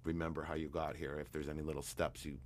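Man with a super deep voice, rambling through a client story, lots of um and you know. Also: fast, a little hiss or hum. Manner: relaxed, rambling anecdote with fillers. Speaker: guest, hypnotherapist. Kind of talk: storytelling interview talk.

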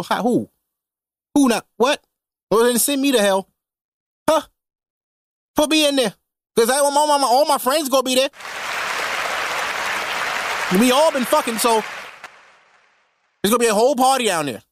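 A man's voice: very high-pitched, brisk, long pauses, no room sound, studio quality. A man hosting a podcast, ranting casually and comedically with lots of slang and profanity. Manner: profane, animated, heavy slang. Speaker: podcast host.

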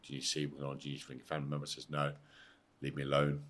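A man's voice: rumbling low, level tone, fast talker, a bit bright, slightly rough. A middle-aged English man, a former footballer, telling his story bluntly and emphatically in a casual interview, swearing and acting out the dialogue. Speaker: podcast guest, former footballer.

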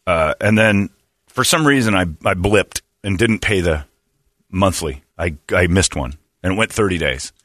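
A man hosting a casual talk show, telling stories with animated swings and mimicking customer service reps. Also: moderate pace, no echo, studio quality. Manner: animated storytelling, mimics phone reps in a low flat voice.

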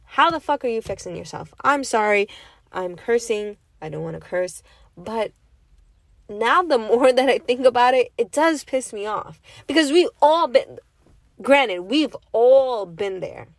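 Woman, high pitch, slow deliberate delivery, dry close sound; blunt opinion piece full of rhetorical questions. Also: animated, no echo. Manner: emphatic, repeats rhetorical questions, curses. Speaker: vlogger giving opinions. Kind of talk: casual monologue.

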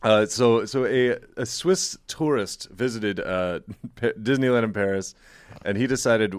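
A man hosting a casual comedy podcast who makes dry, deadpan jokes. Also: fairly low pitch, unhurried, clear, resonant tone, dry recording.

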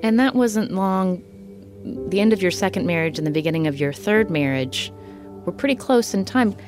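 A woman hosting a podcast, who asks questions and reads measured narration. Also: mid-range voice, expressive, over music. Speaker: podcast host. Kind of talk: interviewing and scripted narration.

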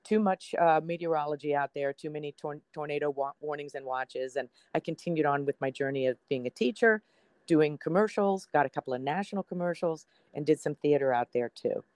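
A woman's voice: low-pitched, a little fast, darkish tone, dry recording. Chatty woman in her sixties telling stories. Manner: chatty storyteller, acts out quoted dialogue. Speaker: TV meteorologist guest. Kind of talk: personal storytelling in a podcast interview.

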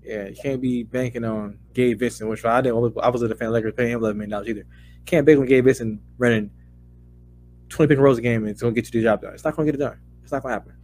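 A man co-hosting a casual sports podcast, heated and profane, his voice climbing into loud rants. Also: mid-range voice, steady tone, very fast, slight background noise. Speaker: podcast co-host.

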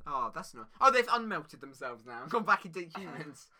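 A woman's voice: low-pitched, very animated, moderate pace, crowd noise. A woman improvising a comic story, giggly and often stumbling over her words.

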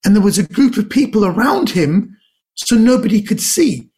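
A man telling comic anecdotes in a lively way, acting out the people he quotes. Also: high voice, moderate pace. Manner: lively storyteller who acts out quoted voices. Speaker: comedian guest.

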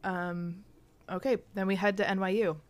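A woman's voice: medium pitch, little pitch movement, normal speed. A young woman co-hosting a podcast, casually retelling a sitcom episode with lots of "like" and "um" fillers. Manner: chatty, frequent "like" and "um" fillers. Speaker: podcast co-host.

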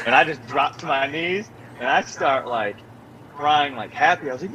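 A young man casually telling a personal story, full of "like" and acting out quotes in a higher voice. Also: moderate pace, a little hiss or hum, low-quality recording. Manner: animated storyteller, many filler "like"s, acts out quotes in a higher voice.

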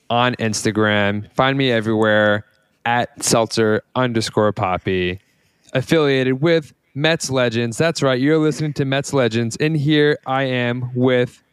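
Excitable man hosting a podcast. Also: mid-range voice, clear, resonant tone, dry recording, studio quality. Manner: excitable, rambling, many fillers and restarts. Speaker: podcast host. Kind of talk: casual podcast chat.

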